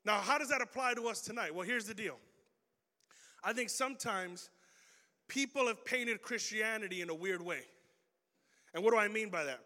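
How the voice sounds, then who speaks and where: High, bright-voiced youth pastor in a hall. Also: male voice, moderate pace, long pauses. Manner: casual and slangy, quizzing the audience. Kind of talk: youth sermon. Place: large hall with audience. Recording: reverberant hall.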